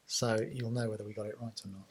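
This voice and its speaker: Man, husky voice, casual jokey podcast chat. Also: fairly low pitch, fairly even intonation, quick pace. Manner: chatty, jokey, restarts often. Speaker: podcast co-host.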